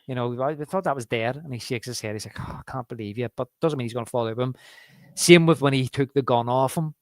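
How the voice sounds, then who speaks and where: A man's voice: mid-range voice, dry recording, clean studio sound. A man co-hosting a movie podcast, chatting casually and stumbling through restarts while he retells scenes. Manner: halting, many restarts, acts out movie quotes. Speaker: podcast co-host. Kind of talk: casual movie review chat.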